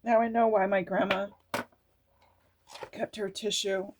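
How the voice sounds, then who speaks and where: A woman reads oracle card messages aloud in a slow, drawn-out way, her pitch sitting mid-range for a woman. She breaks off into gushing exclamations, close to tears as the words move her. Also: little pitch movement, background noise. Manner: gushing, exclamatory, laughing, often near tears. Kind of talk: emotional reading of oracle cards aloud.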